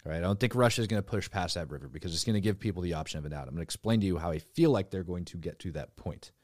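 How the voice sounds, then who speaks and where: A man's voice: low-pitched, rapid-fire, a little mellow, no room sound, studio quality. A man hosting a casual podcast, explaining things while he draws on a map. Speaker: podcast host.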